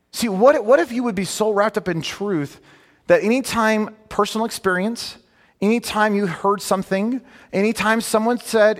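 Male preacher, conversational yet emphatic, lively delivery in a reverberant hall. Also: high-pitched. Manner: conversational and emphatic, with rhetorical questions. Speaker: pastor. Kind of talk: sermon.

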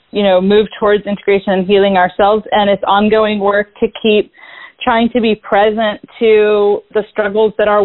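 Woman guest on a tinny phone line. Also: mid-range voice. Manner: reflective, thinks aloud with many "you know" restarts. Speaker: guest author on parenting. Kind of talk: conversational interview.

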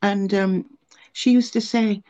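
A woman's voice: medium pitch, fairly even intonation, slow, dark tone. An older woman who shares a personal faith testimony in an interview, telling stories earnestly and with feeling, often restarting her sentences. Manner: earnest, emotional storytelling with many restarts. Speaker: interview guest.

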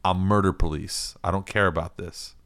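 A man's voice: steady tone, normal speed, fairly bright tone, dry recording. A man playing a deadly serious cop. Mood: stern. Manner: low, intense, menacing questioning. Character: gruff no-nonsense male cop questioning a suspect.

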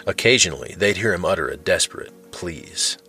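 A man giving scripted narration of a story in a steady storytelling manner. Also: low-pitched, moderate pace, breathy edge, soft background music.

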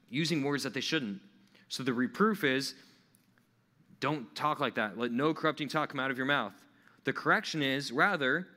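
Male preacher, casual and interactive, bright voice, recorded with hall echo. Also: medium pitch. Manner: conversational, asks the listeners questions. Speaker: pastor. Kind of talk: sermon.

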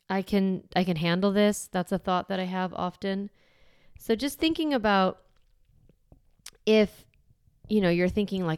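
Woman in her thirties, solo podcast host. Conversational and encouraging, with a smooth, resonant voice. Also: fairly low pitch, no echo, studio quality. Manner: conversational, encouraging, acts out inner thoughts.

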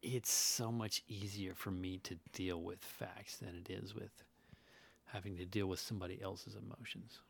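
A man's voice: sits low, level tone, moderate pace, creaky, husky. A man talking casually as a podcast guest, mostly offering short agreeing replies and now and then explaining his own view. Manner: laid-back, brief agreeing replies. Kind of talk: casual conversation.

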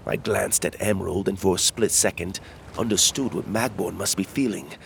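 A man narrating a children's fantasy adventure in the first person, reading at a measured, steady pace. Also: low voice, creaky, a little hiss or hum. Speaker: storyteller.

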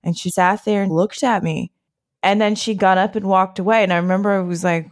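A woman being interviewed, telling personal stories in a lively way, acting out quoted speech and laughing often. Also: lowish voice, fast talker. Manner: animated storyteller who acts out quotes, laughs often. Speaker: interview guest. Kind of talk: casual conversation.

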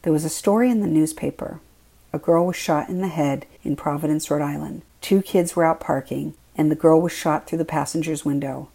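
A woman reading her own memoir aloud in the first person, quiet and measured. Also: deep voice, steady tone, vocal fry, husky, poor audio.

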